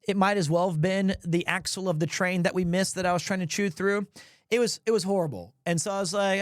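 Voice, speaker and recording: A high-voiced man spins a travel story for his stream, animated and self-mocking, swearing casually as he goes. He is right on a close mic in a dry, dead-sounding space. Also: a little fast, no echo. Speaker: live streamer.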